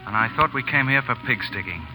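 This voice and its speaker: An actor playing a brash, teasing young officer from Canada, in 1940s radio acting style. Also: male voice, medium pitch, expressive, quick pace, bright, forceful tone, soft background music, low-quality recording. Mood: bantering.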